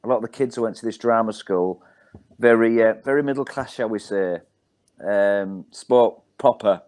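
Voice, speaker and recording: Middle-aged Hull comedian telling stories. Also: male voice, on the low side, normal speed, darkish tone. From Hull, England. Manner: rambling anecdotes, wry, with many ums. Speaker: guest comedian. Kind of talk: casual storytelling.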